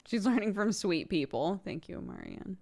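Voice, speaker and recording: A woman's voice: medium pitch, very animated, moderate pace, a little mellow. A young woman streaming, chatting casually with her viewers in a rambling way full of fillers. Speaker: streamer host.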